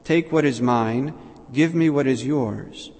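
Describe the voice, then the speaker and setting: A man reading the lines of an elderly male saint who pleads tenderly with a child, in a voice a little louder than his own, with long hall reverb. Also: mid-range voice, takes it slowly. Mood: pleading.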